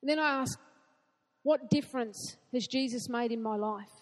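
A woman preaching a sermon in an earnest way, asking rhetorical questions and building to excited emphasis. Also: on the high side, moderate pace, long reverb tail.

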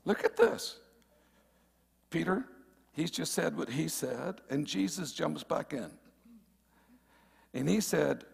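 Gravelly, animated man preaching. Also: a little high, slow pace, pauses often. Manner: playful, teasing the congregation, rising to emphatic shouts. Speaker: pastor. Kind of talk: sermon. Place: church.

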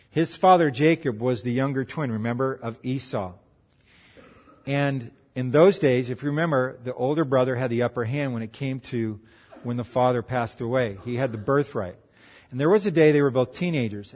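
A man preaching in a church, retelling a story with lively acted-out voices. His pitch sits at a middle level, and a long reverb from the hall follows each phrase. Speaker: pastor. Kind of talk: sermon storytelling.

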